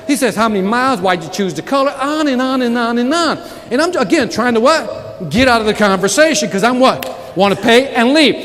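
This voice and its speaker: High-energy male keynote speaker. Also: brisk. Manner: energetic storytelling with sudden loud outbursts. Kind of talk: live keynote speech. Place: large conference hall with audience. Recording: reverberant hall, audience noise.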